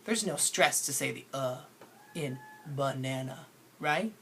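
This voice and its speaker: A woman's voice: extremely low pitch, expressive, slow pace, fairly bright tone, slight background noise. A woman teacher giving a phonics lesson to children, patient and playful, stretching out sounds to show how words are said.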